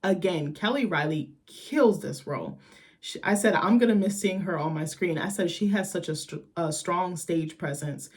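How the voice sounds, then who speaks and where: A woman's voice: fairly low pitch, moderate pace. A young woman casually recapping a TV episode late at night, tired but chatty and profane, acting out the characters' lines as she retells scenes. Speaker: TV recap host.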